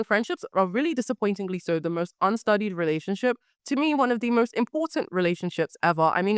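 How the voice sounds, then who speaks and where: A young woman hosting a podcast, chatting animatedly about books with a slightly hoarse voice, repeating words for emphasis. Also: mid-range voice, no echo, studio quality. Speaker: podcast host. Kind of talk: casual book talk.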